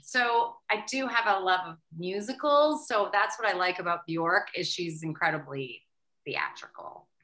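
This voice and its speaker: A woman from Canada, a guest in a casual interview, telling stories in an animated way and laughing often. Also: on the low side, moderate pace, rough recording. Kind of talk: casual chat.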